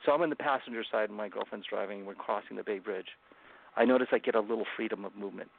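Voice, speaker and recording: A man, a guest author, earnestly retelling a personal story in an interview, halting and restarting often. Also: fairly low pitch, vocal fry. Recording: phone-like remote call line.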